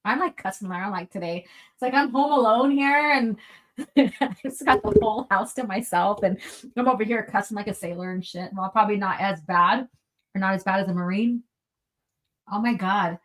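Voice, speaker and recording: A woman's voice: medium pitch, moderate pace, a bit bright. A young woman hosting a casual live stream from home, reading chat aloud, laughing often and swearing freely as she rambles. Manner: giggly, swears a lot, rambling. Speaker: livestream host reading chat. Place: at home, indoors.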